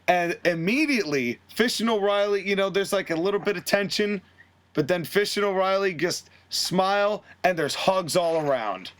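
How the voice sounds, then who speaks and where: Lively higher-voiced man recapping wrestling. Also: moderate pace. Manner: animated storytelling, acting out quotes in shifting voices. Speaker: podcast host. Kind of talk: casual recap of a fantasy wrestling booking.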